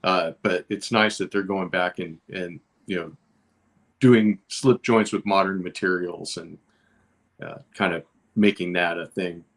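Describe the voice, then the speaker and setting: A man's voice: sits low, steady tone, measured pace, gravelly. A man joining a casual live chat from home, easygoing and agreeable.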